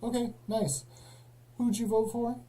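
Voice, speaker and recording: A man's voice: very high-pitched, flat delivery, unhurried, mellow, poor audio. A man hosting a live call-in stream, questioning callers in a dry, sarcastic way. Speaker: livestream host. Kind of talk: casual live call-in chat.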